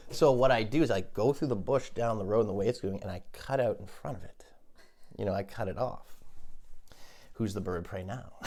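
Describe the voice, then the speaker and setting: A man telling absurd comic stories on a podcast, cursing, laughing at his own jokes, and swinging between hushed muttering and shouting. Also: medium pitch. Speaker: comedy podcaster. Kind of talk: absurd storytelling monologue.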